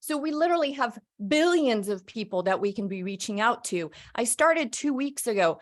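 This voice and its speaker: A woman gives a motivational talk as a guest on a conference call. Her voice sits a little high, and her delivery is energetic and emphatic, full of upbeat conviction. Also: fairly quick, few pauses. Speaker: guest speaker.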